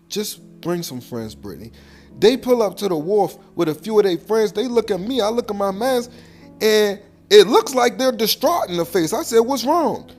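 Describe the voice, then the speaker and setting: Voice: mid-range voice, animated, moderate pace, soft background music. Slangy comic storyteller acting out voices. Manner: slangy, acts out every voice in the story. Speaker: comedian.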